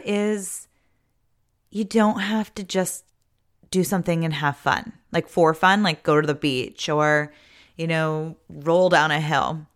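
Woman, 30s, lowish voice, chatty upbeat vlog delivery, casual filler-heavy talk. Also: clear, resonant tone. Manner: chatty and upbeat, lots of "like" and "you know". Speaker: vlogger.

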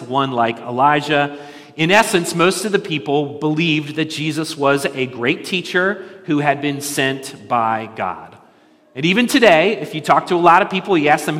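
A pastor preaching a sermon, earnest, asking rhetorical questions and repeating key lines for emphasis. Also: male voice, a little high, fairly bright tone. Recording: long reverb of a large hall.

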